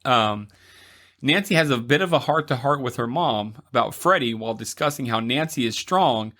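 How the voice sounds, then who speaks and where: Guy on a podcast recapping a horror flick, bright forceful voice, chuckles as he goes. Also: medium pitch, lively intonation, moderate pace. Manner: recaps the plot with laughs and asides. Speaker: podcast co-host. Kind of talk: casual movie recap chat.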